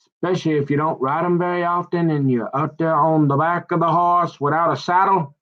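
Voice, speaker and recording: A man's voice: a little high, fairly even intonation, a little fast. A man, talking in a rambling, folksy casual monologue that repeats itself and wanders. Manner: folksy, meandering, repeats himself. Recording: dull lo-fi sound.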